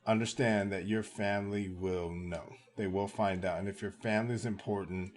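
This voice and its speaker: A man's voice: lowish voice, fairly even intonation, moderate pace. A man giving reaction commentary on video clips, lecturing and emphatic, repeating his points.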